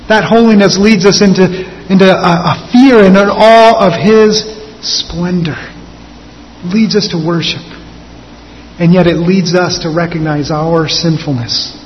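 A man pastor delivering an earnest sermon, slowing and lifting his voice for emphasis. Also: a little high, a little hiss or hum. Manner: earnest preaching, slows and lifts for emphasis. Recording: dull sound with long hall reverb.

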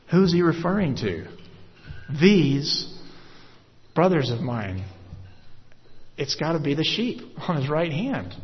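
A man preaching a verse-by-verse sermon, measured and explanatory with many "uh" pauses. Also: a little high. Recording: echoey hall, dull lo-fi sound.

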